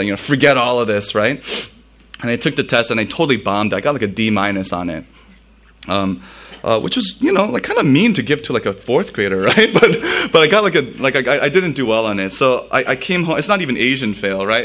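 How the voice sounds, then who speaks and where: A man's voice: mid-range voice, a bit bright. Man, pastor, sermon, casual storytelling, lots of fillers. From United States.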